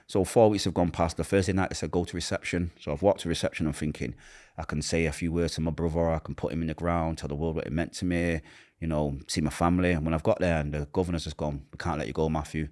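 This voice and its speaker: A man with a Manchester accent telling a painful personal story in an interview, acting out what others said and dropping to a hush at the hardest moments. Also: low-pitched, steady tone, fast. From Manchester, England. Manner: acts out quoted voices, drops to a hush at painful moments.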